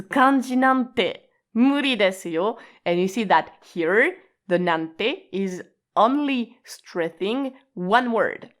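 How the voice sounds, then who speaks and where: A woman's voice: medium pitch, a bit bright. A woman teaching a language in a casual, informal way. She explains patiently, repeats her points and often checks that the listener is following.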